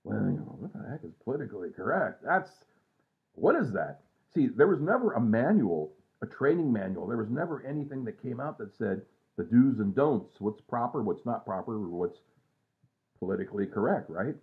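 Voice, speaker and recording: A man's voice: on the low side, big pitch swings, moderate pace. A man in his sixties rambling casually and self-mockingly at home at night, trailing off with lots of fillers. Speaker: vlogger. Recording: tinny phone-like sound.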